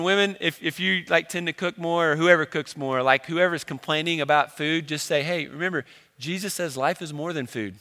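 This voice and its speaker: Joking preacher in a reverberant hall. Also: male voice, high-pitched, pushed and bright. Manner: casual, joking, conversational preaching. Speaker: pastor. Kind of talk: sermon.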